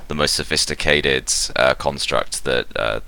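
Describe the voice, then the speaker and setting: A man playing an eager, hurried factory foreman. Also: a bass voice, creaky, bright, forceful tone, smooth, full character voice. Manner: hurried, hesitant, with fillers. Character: eager male factory foreman, proud of his machine.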